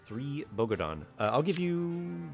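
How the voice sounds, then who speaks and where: A man's voice: on the high side, measured pace, creaky, soft background music. A man running a tabletop game as game master, narrating and calling rolls. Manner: lively, animated narration with rolls and rulings.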